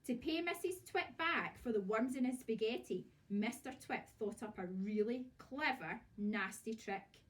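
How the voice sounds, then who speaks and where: A Scottish woman teacher reads a children's story aloud with lively expression. Her voice sits fairly high, and she sounds some way off from the microphone in a classroom. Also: a little slow, hardly any pauses. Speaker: primary school teacher. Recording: voice from far off.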